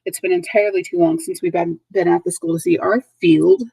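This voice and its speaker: Gravelly patient teacher woman. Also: lowish voice, fairly even intonation, brisk, warm tone, no echo, poor audio. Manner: patient, repeats words and checks in with okay. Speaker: third grade teacher. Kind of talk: recorded vocabulary lesson for kids.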